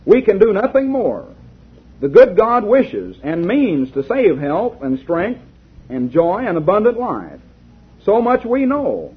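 A man reading aloud as a patient old medieval physician, in measured, earnest speech. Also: high-pitched, huge pitch swings, husky, exaggerated voice. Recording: lo-fi tinny recording.

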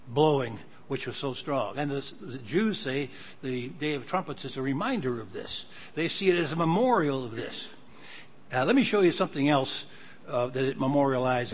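A man's voice: medium pitch, fairly bright tone. An older man preaching a sermon, teaching in a conversational way and reading scripture aloud with growing emphasis.

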